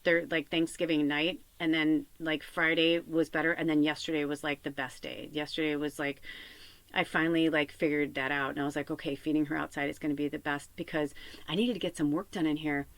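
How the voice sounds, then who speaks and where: Woman podcast host, low-ish voice, dry sound, rambling casual chat. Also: fairly quick, no room sound. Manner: rambling, repeats "I'm like", animated retelling. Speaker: podcast host and spiritual medium.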